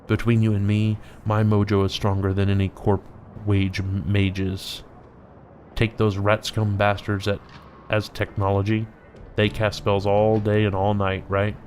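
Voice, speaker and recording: A man's voice: lowish voice, monotone, a little slow, a little mellow, slight background noise, lightly acted. A man voicing a boastful male magic dealer in a video game, reading the lines aloud in a chatty, bragging salesman's way. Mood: boasting.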